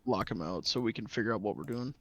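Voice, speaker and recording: A man's voice: on the low side, expressive, fast talker, no echo. A man player in a tabletop game, explaining his plans animatedly. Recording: dull, lo-fi dry mic.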